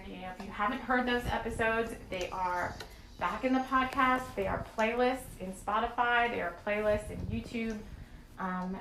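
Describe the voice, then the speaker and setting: A woman with a medium-pitched, gravelly voice hosts a spiritual podcast of channeled talk, speaking earnestly and emotionally as she rambles through plenty of fillers. The recording has a slight hiss or hum, an echoey room, and soft music behind her.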